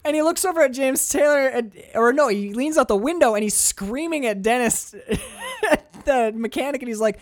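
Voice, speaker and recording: Excitable swearing man discussing a film. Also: extremely high pitch, moderate pace, no room sound. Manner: excitable, swears freely, acts out scenes.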